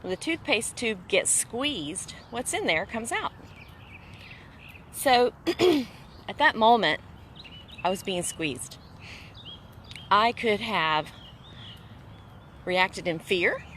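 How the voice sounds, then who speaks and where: A woman's voice: medium pitch, expressive, slow, long pauses, a bit bright, slight background noise. A woman host sharing a personal faith testimony in casual conversation, earnest and emphatic, repeating phrases for weight. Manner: earnest preaching tone.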